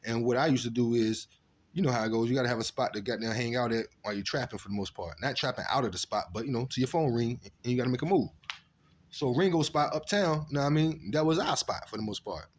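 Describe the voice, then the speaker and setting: A man casually telling stories from his past, animated and profane, acting out what people said. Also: medium pitch, fast talker, a little hiss or hum. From Virginia. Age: adult. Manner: animated, profane street storytelling with acted-out quotes. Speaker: storyteller recounting his past. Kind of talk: casual storytelling monologue.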